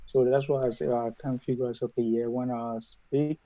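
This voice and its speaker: A man with a noticeable foreign accent in a casual coaching chat, talking haltingly with many repeats, restarts and loose phrasing. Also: mid-range voice, fairly even intonation, dark tone, dry recording, lo-fi sound. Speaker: interview coaching client.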